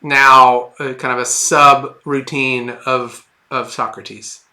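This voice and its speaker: A man's voice: mid-range voice, flat delivery, takes it slowly, bright, forceful tone. A man running a tabletop game as game master, narrating in a rambling, hesitant way with many fillers and restarts.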